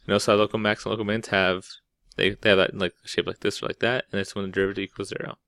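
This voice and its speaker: Rapid-fire and flat, a man with a low, gravelly, slightly bright voice explains calculus over a whiteboard, conversational and casual, checking in with "right?" and restarting words mid-thought. The studio-quality recording has no echo.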